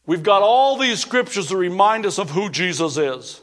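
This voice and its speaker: A man's voice: high-pitched, expressive, moderate pace, few pauses, a bit bright. A male pastor preaching a sermon, earnest and emphatic, repeating key phrases for weight.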